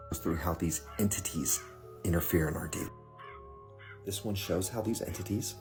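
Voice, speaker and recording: Very deep-voiced man chatting to viewers. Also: vocal fry. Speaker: social media creator. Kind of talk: casual vlog commentary to viewers.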